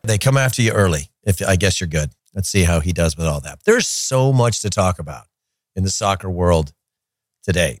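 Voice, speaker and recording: A man's voice: deep voice, no room sound, clean studio sound. Chatty man hosting a soccer podcast. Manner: chatty and opinionated, joking rants. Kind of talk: casual solo commentary.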